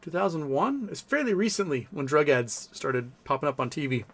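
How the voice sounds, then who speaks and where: A man's voice: on the high side, very animated, normal speed. A man hosting a casual live stream, reading viewer messages aloud and answering them in a blunt, profane, mocking way.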